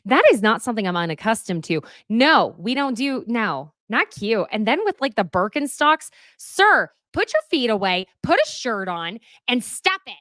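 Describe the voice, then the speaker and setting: A young woman from Oklahoma hosting a sassy, animated recap chat, dropping into hushed asides and quoted voices. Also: fairly high pitch, moderate pace, few pauses, no echo, studio quality. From Oklahoma, USA. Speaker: host.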